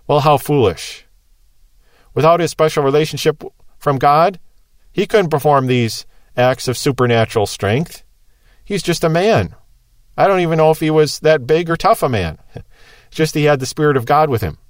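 Male preacher, sermon, conversational and explanatory, slightly high voice, dry close sound. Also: moderate pace, pauses often, dry recording. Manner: conversational, explanatory, rhetorical questions.

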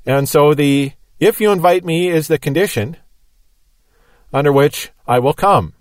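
A man teaches the Bible in an emphatic, methodical manner. His voice sits a little high for a man and sounds dry and close, with no room echo around it. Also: measured pace.

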